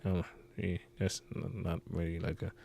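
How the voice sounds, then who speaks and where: A man's voice: low-pitched, little pitch movement, normal speed, creaky, mellow, dry recording. A man hosting a reaction video, rambling and skeptical, muttering asides as he comments.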